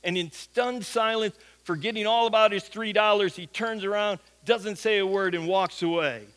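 A man's voice: high voice, normal speed, a bit bright. A middle-aged man, a pastor, telling a folksy anecdote during a sermon. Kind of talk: sermon storytelling.

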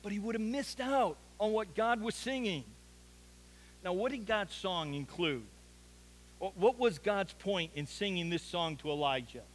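A man's voice: sits high, measured pace, low-quality recording. A man preaching an earnest sermon as a pastor, building to emphatic peaks.

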